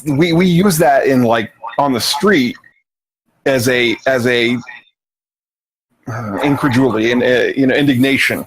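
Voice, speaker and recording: A man's voice: mid-range voice, unhurried, a little hiss or hum, rough recording. A man coaching a student over an online voice chat, explaining at length and often restarting his words. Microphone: online voice chat mic.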